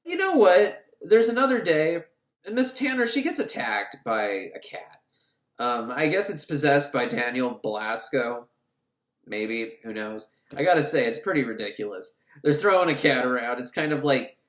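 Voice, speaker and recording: A man recapping a film for laughs, crude and sarcastic, acting out the characters in shrill voices. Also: animated, unhurried, fairly bright tone. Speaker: podcast host recapping a film. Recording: echoey room.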